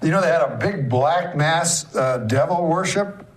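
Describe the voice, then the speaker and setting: A man hosting a comedy talk show, telling jokes in a dry, halting way and laughing often. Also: on the high side, expressive, slight background noise. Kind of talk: casual comedic banter.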